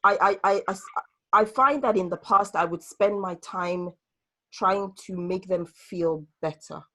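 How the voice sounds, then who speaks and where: A woman hosting a group discussion on a video call, talking earnestly and reflectively, sometimes pausing to find her words. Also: medium pitch, bright, forceful tone. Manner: earnest and reflective, hesitant with restarts. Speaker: host leading a group discussion.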